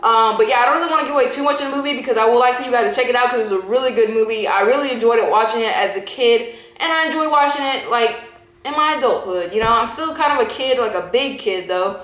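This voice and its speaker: A young woman in her twenties chats through a casual movie review, rambling and looping back on herself. Her voice sits fairly high, and it echoes around a room at home. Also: fast, a bit bright. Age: 20s. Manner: rambling, full of "like" and "you know". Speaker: vlogger. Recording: roomy echo.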